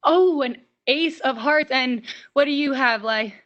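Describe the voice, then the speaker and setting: High-voiced upbeat American woman coach. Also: a little slow, fairly bright tone, lo-fi sound. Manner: upbeat, counts reps aloud and cheers kids on. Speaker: camp fitness instructor. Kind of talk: leading a kids' workout over video call.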